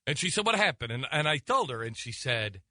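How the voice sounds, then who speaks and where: A man's voice: medium pitch, sing-song, a little fast, sharp tone, dry recording. A man in his forties, a radio talk show host, telling a comic story in a sarcastic, rambling way from a studio mic. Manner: sarcastic and rambling, with many restarts. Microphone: close studio mic.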